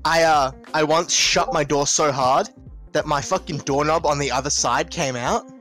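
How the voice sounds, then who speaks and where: A man's voice: on the high side, moderate pace, a bit bright, soft background music, poor audio. A young man from Australia telling stories in casual, profane chat over an online voice call. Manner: profane, rambling storyteller. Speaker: podcast co-host.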